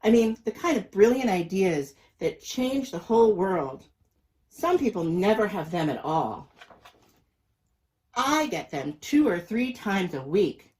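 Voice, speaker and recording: A man reading a children's picture book aloud in a lively, expressive storytelling voice. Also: sits high, measured pace, poor audio. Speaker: storybook reader.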